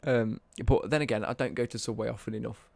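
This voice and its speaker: A man's voice: medium pitch, steady tone, fast talker, gravelly, darkish tone, no echo. A young British man ranting on a casual live stream, sweary and worked up.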